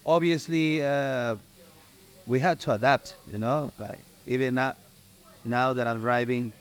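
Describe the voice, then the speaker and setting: A man from Mexico, a native Spanish speaker, answering interview questions haltingly and searching for words. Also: mid-range voice, fairly even intonation, clean tone.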